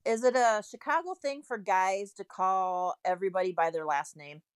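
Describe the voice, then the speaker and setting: A woman's voice: mid-range voice, moderate pace, smooth, no room sound, studio quality. A woman guest on a podcast, chatting casually and asking the others questions. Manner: asks questions, laughs along. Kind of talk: casual chat.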